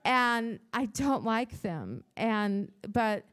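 A woman giving a devotional church talk, telling a personal story in an animated, dramatic way, with her voice jumping up in pitch and loudness. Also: very slow. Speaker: church speaker.

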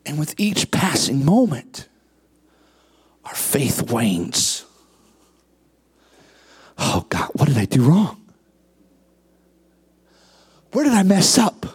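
A pastor preaching a sermon with impassioned rhetorical questions, swinging between hushed asides and shouted peaks. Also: medium pitch, very animated, takes it slowly, long pauses, husky.

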